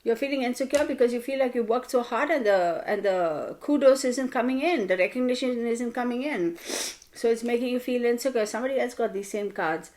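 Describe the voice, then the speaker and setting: A woman with a slightly high voice talks through a tarot spread in a casual, chatty way. She is animated and playfully scolds her viewers as she explains each card. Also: brisk. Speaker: tarot reader.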